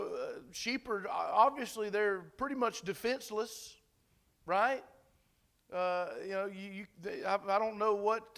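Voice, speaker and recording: Sitting high and a bit bright, a man's voice carries a pastor's sermon in an informal, chatty style. He restarts often, leans on fillers, and asks his listeners questions.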